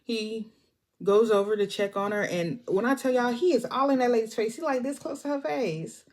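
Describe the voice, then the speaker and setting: A woman's voice: on the high side, normal speed. Chatty woman recapping a movie. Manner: chatty and expressive, talking straight to viewers. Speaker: movie reviewer.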